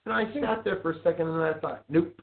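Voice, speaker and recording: A man hosting a casual call-in show, telling stories in an animated, indignant rant. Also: on the high side, fast, creaky. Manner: animated ranting storyteller, gets loud and indignant. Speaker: podcast host. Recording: tinny phone-like audio.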